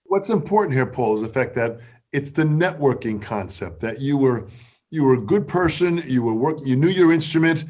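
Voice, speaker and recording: A man's voice: medium pitch, expressive, normal speed, a little mellow. A man interviewing a guest, summarizing and affirming his points.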